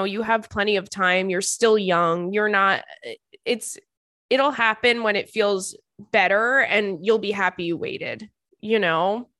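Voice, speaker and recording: A loose, chatty woman in her thirties talks casually as a show host, rambling and swearing freely. Her voice sits at a middling pitch. The sound is dry and close, with no room echo. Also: pushed and bright. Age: 30s. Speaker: podcast host answering listener emails. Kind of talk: casual chat.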